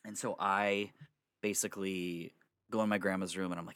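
A man's voice: low-pitched, normal speed, no room sound, studio quality. A young man telling a long personal story to friends in a casual, rambling way, with swearing and laughter. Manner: rambling, animated, swears, laughs between lines.

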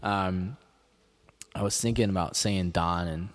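A man's voice: deep voice, unhurried, big-room sound. A man with a Chicago accent hosting a podcast, rambling through jokey, digressive asides in a casual monologue. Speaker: podcast host.

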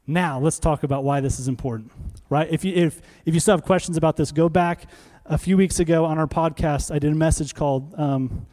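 A male pastor preaching a sermon in a conversational, animated way, acting out little scenes. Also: fairly high pitch, a little fast, few pauses.

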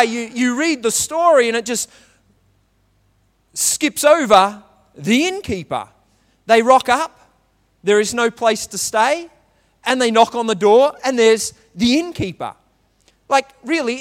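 A man preaches in a chatty, conversational way, with frequent restarts and questions tossed to the congregation. His voice sits high for a man. A long reverb from the church hall trails behind every phrase. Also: animated, normal speed. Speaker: pastor. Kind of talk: sermon.

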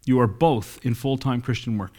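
A man's voice: mid-range voice, moderate pace, mellow. Man preaching a conversational sermon. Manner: conversational, acts out quoted dialogue.

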